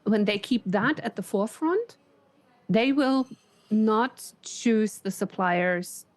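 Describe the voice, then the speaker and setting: A woman of middle pitch co-hosts a business podcast, recorded dry with no room sound. She speaks fluently and assertively and brings her points to life by acting out quotes. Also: no echo. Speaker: podcast co-host. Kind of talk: casual business podcast chat.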